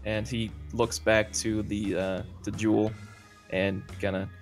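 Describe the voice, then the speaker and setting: A man's voice: fairly low pitch, little pitch movement, a little slow, soft background music. A man narrating as game master of a tabletop role-playing game, loose and full of fillers.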